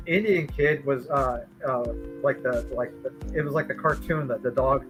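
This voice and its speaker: A man's voice: mid-range voice, moderate pace, poor audio. Rambling storytelling man over music. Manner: rambling, animated storytelling with acted quotes. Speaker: artist streamer telling a story. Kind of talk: casual storytelling chat. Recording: music playing behind.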